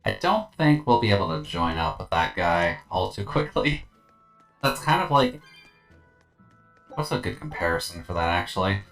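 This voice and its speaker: Low raspy lady streamer musing over a game, bit of music. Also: big pitch swings, normal speed, long pauses. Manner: wry, musing, trailing off. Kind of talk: casual game commentary.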